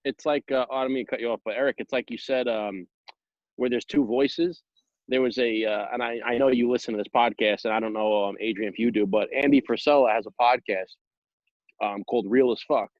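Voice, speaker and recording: Man, podcast co-host, animated storytelling, lots of fillers, dry, slightly muffled. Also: mid-range voice, a little fast, no room sound. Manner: animated storyteller, full of fillers like "you know". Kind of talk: casual podcast chat.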